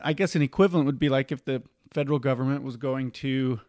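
A man's voice: medium pitch, fast, darkish tone, no echo. A man hosting a podcast in casual chat, rambling with asides and restarts into a studio microphone. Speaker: podcast host.

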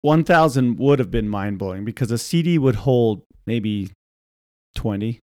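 A man co-hosting a podcast in casual chat, animated and quick to laugh, slipping into voices while telling stories. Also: mid-range voice, dry recording, clean studio sound. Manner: animated, laughs often, imitates voices mid-story. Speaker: podcast co-host.

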